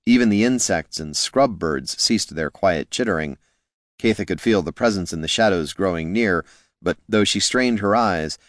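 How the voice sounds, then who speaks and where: A man reading a fantasy story aloud in a measured, wry narration. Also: low-pitched, no room sound, studio quality. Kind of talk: scripted audiobook narration.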